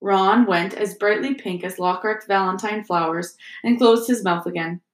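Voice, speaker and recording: A woman narrating a storybook in a steady, expressive reading voice, in a roomy echoing recording. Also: medium pitch, moderate pace. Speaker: audiobook reader. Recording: roomy echo.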